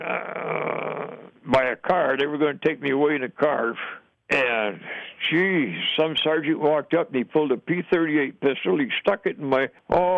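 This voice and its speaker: A man's voice: on the high side, gravelly, no room sound. An older man, a war veteran, telling his story in a plain-spoken, folksy way and chuckling as he goes. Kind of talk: oral history storytelling. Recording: dull, dry lo-fi recording.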